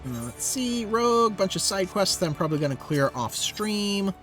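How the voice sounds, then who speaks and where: High-voiced young male streamer rambling. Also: very animated, normal speed, fairly bright tone, faint music behind. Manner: rambling, filler-heavy asides. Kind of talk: casual let's-play commentary.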